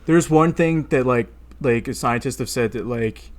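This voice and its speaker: A man's voice: medium pitch, measured pace. Rambling man telling a story. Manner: rambling anecdotes with many fillers and restarts. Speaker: podcast co-host. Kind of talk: casual chat.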